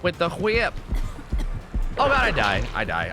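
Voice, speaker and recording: Excitable young man streaming with game music. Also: high-pitched, normal speed, pauses often. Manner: excitable, swearing, swings from yelling to mumbling. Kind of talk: live gameplay commentary.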